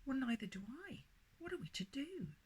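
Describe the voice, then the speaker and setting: Woman doing an eager rushing young mother. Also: sits high, big pitch swings, darkish tone, husky, voice pushed up, exaggerated voice. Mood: excited.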